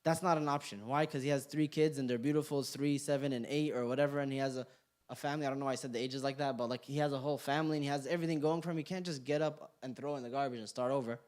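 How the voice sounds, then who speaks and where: A young man instructs a class at a community center classroom, casual and playful, joking and tossing questions to the room in an interactive talk. His medium-pitched voice is steady, very fast, and darkish in tone.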